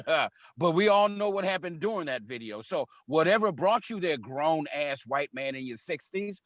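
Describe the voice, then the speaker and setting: A man's voice: fairly high pitch, animated, moderate pace, no echo. A man co-hosting a casual discussion, blunt, profane and emphatic. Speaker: podcast co-host.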